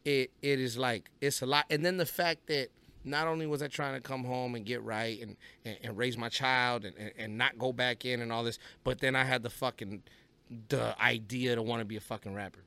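Bright-toned cali guy, rapper on a podcast, cursing and telling stories. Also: mid-range voice, steady tone, fairly quick, creaky, clean tone, no echo. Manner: storytelling, profane, acts out quoted voices. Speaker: rapper guest. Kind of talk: casual podcast interview.

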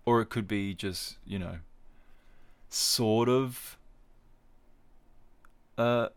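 Wry low-voiced man recapping fights. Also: very slow, clean tone. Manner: wry, digressive, jokey asides. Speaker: podcast host. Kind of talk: casual solo podcast commentary.

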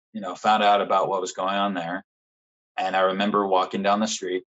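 Frank, low-voiced man telling his story. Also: a bit bright, muffled recording. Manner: frank, swears often, halting with fillers. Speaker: podcast guest. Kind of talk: candid conversational storytelling.

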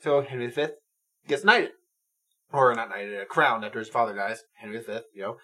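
A man co-hosting a podcast, chatting casually about movies, animated and swearing freely as he retells scenes. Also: medium pitch, brisk. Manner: animated, swears freely, acts out quotes in silly voices. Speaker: podcast co-host. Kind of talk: casual movie review chat.

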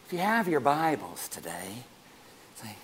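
A man pastor preaching a sermon to his congregation, animated and joking with them as he goes. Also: medium pitch, unhurried, a little hiss or hum.

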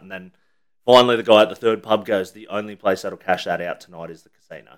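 Australian man, low voice, casual podcast chat, laid-back storytelling, swears. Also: quick pace. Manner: laid-back, swears, acts out quoted lines. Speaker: podcast co-host.

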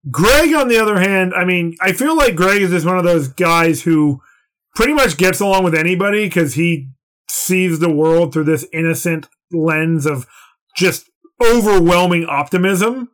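A podcast co-host talks through ideas in a casual, analytical way, at length and in detail. The voice sits at an ordinary middle pitch. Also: normal speed, fairly bright tone. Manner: analytical, talkative. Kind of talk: casual discussion.

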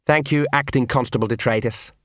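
A man's voice: mid-range voice, fairly even intonation, brisk, a bit bright, no room sound, studio quality, close to an everyday voice. A man voicing a tired, middle-aged city watch sergeant in a storybook reading. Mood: weary. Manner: weary.

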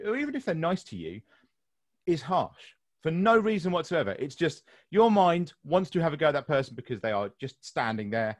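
A man's voice: fairly high pitch, dry recording, studio quality. A British man hosting a podcast, talking frankly and swearing freely, often laughing at his own jokes. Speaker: podcast host. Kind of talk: casual podcast chat.

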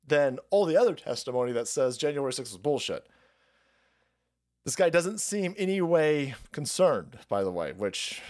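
A man hosting a political stream, ranting with heavy swearing and sarcasm. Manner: sarcastic, swears a lot, pitch swings widely. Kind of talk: profane political rant.

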